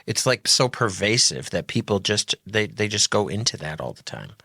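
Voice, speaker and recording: A man joining a casual podcast chat, agreeable and quick to chime in. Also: fairly low pitch, sing-song, gravelly, pushed and bright, husky, dry recording, studio quality.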